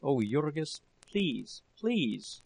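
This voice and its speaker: A man voicing a desperate young woman who pleads tearfully with her husband, in a slow, gravelly reading. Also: fairly high pitch, very animated, darkish tone, heavily acted, low-quality recording. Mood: pleading.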